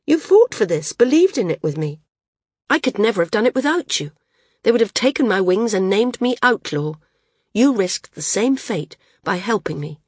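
A woman's voice: fairly high pitch, breathy edge, dry recording, clean studio sound, pitched above the performer's own voice. A woman voicing a devoted, persuasive woman flyer in an audiobook, her lines read in a coaxing, impassioned way. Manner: coaxing, impassioned dialogue reading.

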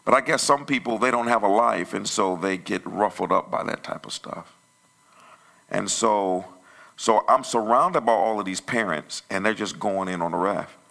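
A male pastor telling a story in a conversational sermon that grows loud and animated. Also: fairly low pitch, normal speed, vocal fry. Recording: church sermon audio.

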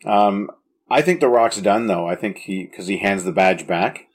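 A man with a fairly low voice talks through an action movie in casual conversation. He's eager and keen, often restarting mid-sentence as he goes. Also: normal speed, slightly rough.

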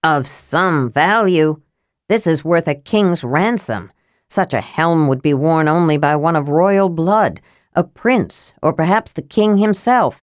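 A woman doing a gruff, suspicious knight. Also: low voice, slow pace, dry recording, clean studio sound. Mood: stern. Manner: gruff, demanding and blunt. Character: stern, suspicious male knight.

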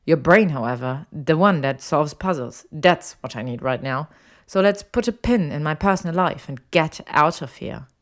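A woman's voice: deep voice, animated, moderate pace. Draco Malfoy, a dry sarcastic wizard, as a woman reads him. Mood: sardonic. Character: sardonic young male wizard, cocky and angry. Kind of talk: audiobook character voice.

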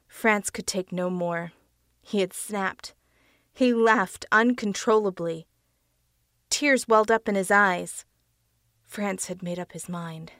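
A woman reads a dark audiobook tale at an unhurried pace, with a gravelly texture in her voice. The sound is close and dry, with no room around it. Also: mid-range voice, no echo. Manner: slow, measured reading. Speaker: audiobook narrator. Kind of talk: storybook narration.

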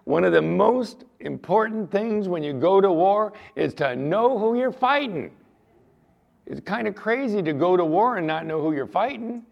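Older male pastor with a gravelly, rather high voice that swoops up and down; preaches in storytelling mode over a dull lo-fi church recording. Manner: storytelling preacher acting out dialogue. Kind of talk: sermon.

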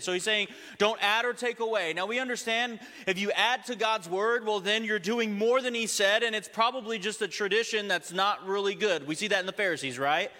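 A man's voice: sits high, a little fast, hardly any pauses, sharp tone, long reverb tail. A man preaching a sermon as pastor in a church, telling stories and rising to emphatic points. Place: church sanctuary.

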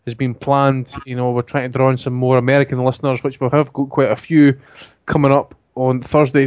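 A man's voice: mid-range voice, a little mellow, dry recording. A man hosts a casual chat show, blunt and cheeky, dropping swear words as he banters with his co-hosts. His voice sits mid-range and sounds dry and close. The audio is dull and lo-fi. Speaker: podcast host.

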